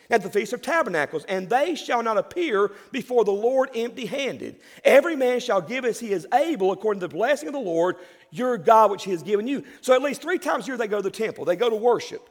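A male pastor, preaching a sermon with emphatic delivery and dramatic pauses. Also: sits high, big-room sound.

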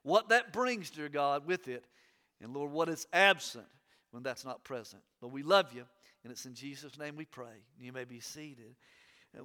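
A man's voice: sits high, sharp tone, clean tone, big-room sound. A middle-aged pastor, a man, preaching an emphatic, fervent sermon with much repetition in a church. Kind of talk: sermon with opening prayer. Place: church sanctuary.

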